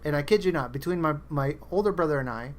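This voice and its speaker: Here the host sounds slightly high, animated, and fast. He chats casually on his podcast, spinning rambling stories and performing his friends' words.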